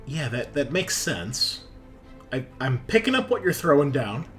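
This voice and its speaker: A man runs a tabletop role-playing session, patiently explaining rules and narrating combat. His pitch moves a lot, and faint music plays under him. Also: big pitch swings, a little slow, fairly bright tone. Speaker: game master.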